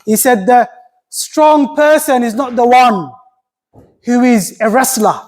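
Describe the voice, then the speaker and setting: A man's voice: very high voice, expressive, darkish tone. Impassioned preacher man, repeating for emphasis. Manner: recites Arabic quickly. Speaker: imam giving Friday sermon. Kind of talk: sermon.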